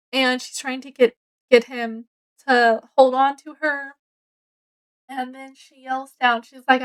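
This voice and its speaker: Slow, high-voiced woman retelling a story. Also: clear, resonant tone, low-quality recording. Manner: rambling, with many ums and self-corrections; acts out characters' lines with excitement. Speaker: book reviewer. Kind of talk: casual book review, retelling the plot.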